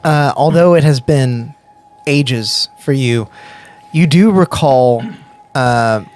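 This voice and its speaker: A man narrating as game master of a tabletop game, pausing often with fillers. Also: medium pitch, darkish tone. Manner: halting, with many fillers.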